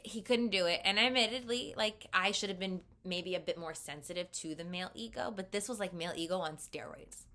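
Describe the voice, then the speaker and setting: A woman's voice: lowish voice, brisk, hardly any pauses, sharp tone. A young woman vlogger candidly telling a personal story in a conversational way, often saying "like".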